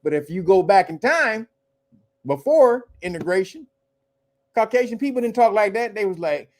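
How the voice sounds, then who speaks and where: A male show host in casual livestream commentary, animated and profane, laughing often between his points. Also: high voice, moderate pace.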